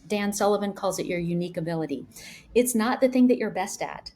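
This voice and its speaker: A woman in her fifties, a founder talking as a podcast guest, telling stories in a lively way with many fillers. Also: mid-range voice, brisk. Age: 50s. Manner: animated storyteller, many fillers. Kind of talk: casual interview talk.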